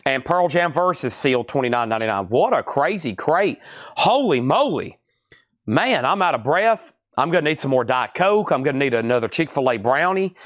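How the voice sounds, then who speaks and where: Fast-talking man auctioning records. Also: on the high side, a bit bright, no room sound, clean studio sound. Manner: rapid running price calls and bidder names; chatty asides to viewers. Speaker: live-stream record seller. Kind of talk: live auction stream.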